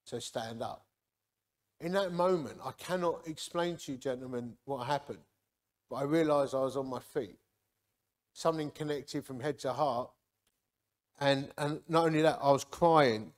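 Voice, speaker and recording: A man, giving a lively, jokey personal testimony to a men's gathering and acting out the people in it. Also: mid-range voice, normal speed. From Hornchurch, England. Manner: lively, jokey, acts out quotes.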